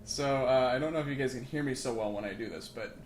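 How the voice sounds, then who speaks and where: A man's voice: medium pitch, fast, slight background noise. A man hosting a let's play, giving casual gameplay commentary with joking, rambling asides, recorded on a makeshift mic setup.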